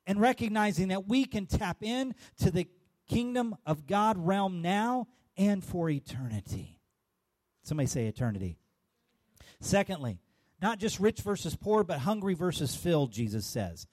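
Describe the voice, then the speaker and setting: A male pastor in full sermon flow, calling out to the congregation and rising into shouts. His voice runs high and swings widely in pitch, lively and animated throughout. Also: moderate pace. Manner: call-and-response preaching, bursts of shouting.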